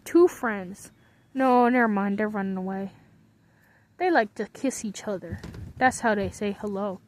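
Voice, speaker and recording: A woman idly rambling to herself from her bunk bed in her bedroom, drifting from one thought to the next as she talks. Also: on the high side. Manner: muses aloud to herself, drifts between thoughts. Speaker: vlogger. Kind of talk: casual rambling commentary.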